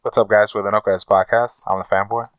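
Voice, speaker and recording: A man's voice: fairly low pitch, flat delivery, quick pace, clear, resonant tone, no room sound, muffled recording. A man co-hosting a casual podcast, swearing freely and acting out the quotes in his stories. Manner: profane, storytelling, acts out quotes. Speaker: podcast co-host.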